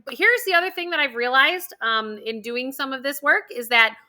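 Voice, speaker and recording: Woman host, high and very bright voice, bubbly and animated, casual chat. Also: moderate pace. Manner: bubbly, animated storytelling with acted-out quotes.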